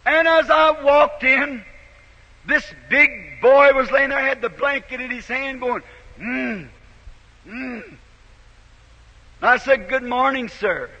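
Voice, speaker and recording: A man preacher telling a story in a sermon, swelling from soft to shouted, on a dull 1950s tape in a big echoing hall. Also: very high voice, takes it slowly, long pauses.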